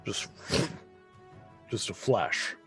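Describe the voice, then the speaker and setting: A man narrating as game master with deliberate, descriptive delivery. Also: a bit bright, soft background music.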